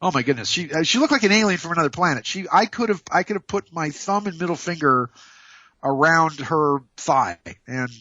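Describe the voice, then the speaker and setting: Over a Skype call from a hotel room, a male radio host jokes and rambles through casual radio talk, restarting often in a playful way. His voice is on the high side and sharp-toned, a little fast, with the highs cut off.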